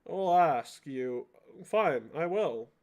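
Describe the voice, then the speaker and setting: A man's voice: fairly high pitch, animated, darkish tone, full character voice. A man voicing a small, sly kobold chieftain who wears a crown and taunts the travelers. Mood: mocking. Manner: laughing, taunting, drawn-out questions.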